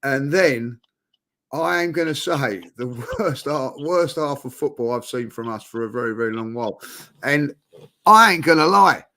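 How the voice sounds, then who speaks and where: A man's voice: mid-range voice, moderate pace, a bit bright. A man, tired out, chatting bluntly and animatedly about football as co-host. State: exhausted. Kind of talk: casual football chat.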